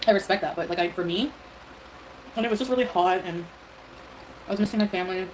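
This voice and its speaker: A woman livestreamer talks in a loose, rambling way, defending herself and leaning on fillers. Her pitch sits in the middle. Clear background noise runs under the stream audio. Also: fast talker, poor audio. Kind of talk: casual livestream talk.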